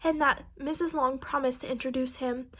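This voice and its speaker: A woman's voice: high-pitched, fairly even intonation, normal speed, fairly bright tone. A woman reading as a level-headed young daughter. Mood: calm.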